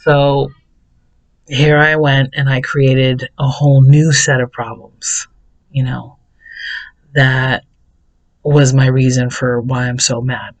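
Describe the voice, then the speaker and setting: A man's voice: medium pitch, flat delivery, takes it slowly, pauses often, rough recording. A man vlogging a personal confessional monologue, rambling and repeating words in bursts. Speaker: self-help vlogger.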